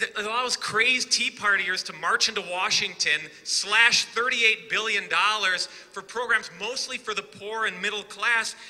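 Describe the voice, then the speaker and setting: A man giving an impassioned political rally speech, rising to shouted emphasis with sarcastic asides. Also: sits high. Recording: long reverb of a large hall.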